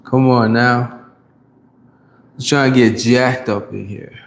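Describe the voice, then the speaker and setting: A Ghanaian fitness livestreamer chats with viewers live while working out at the gym, greeting them by name and hyping them up. His voice is medium-pitched and steady in tone. He speaks slowly and pauses often.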